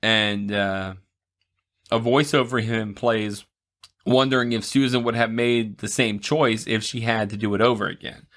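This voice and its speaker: On a casual podcast movie recap, a male co-host walks through the plot at a measured pace, his lowish voice steady and fairly bright. The retelling rambles, full of playful voices, laughter and side comments.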